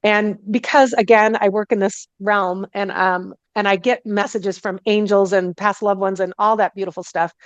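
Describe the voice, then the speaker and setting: A woman, a guest energy healer, telling her story in a casual interview, animated and often acting out what people said to her. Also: mid-range voice, normal speed, hardly any pauses, clear, resonant tone, no echo. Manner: animated, acts out quoted dialogue, many "like" and "I go" fillers. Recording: dull, dry, muffled recording.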